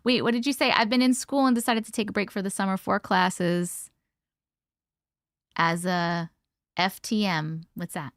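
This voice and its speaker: A woman's voice: medium pitch, fairly even intonation, normal speed, a bit bright, no room sound, studio quality. A young woman hosting a casual livestream, greeting viewers by name and chatting, short on sleep. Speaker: livestream host. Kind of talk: casual live-stream chat.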